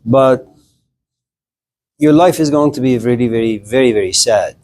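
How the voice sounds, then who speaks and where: A man's voice: medium pitch, normal speed, darkish tone, lightly acted. A man voicing a wise old woman seer. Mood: knowing. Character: wise older woman seer, calm and knowing.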